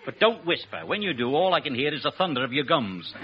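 A man as the host of a 1940s radio comedy, firing off rapid puns. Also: fairly high pitch, sing-song. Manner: rapid punning patter. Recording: lo-fi old radio recording with studio audience.

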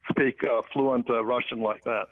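A man who is a guest author, talking in a halting way with many filler sounds. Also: medium pitch, steady tone. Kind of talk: phone interview. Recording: tinny phone line.

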